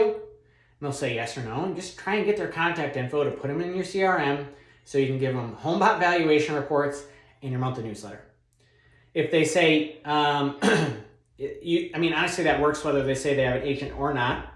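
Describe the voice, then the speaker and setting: A man's voice: a little high, moderate pace, echoey room. A man, a real estate broker, teaching cold calling in a confident, casual way and acting out phone scripts. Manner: energetic, confident, casual with many fillers. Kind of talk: instructional talk with acted phone scripts.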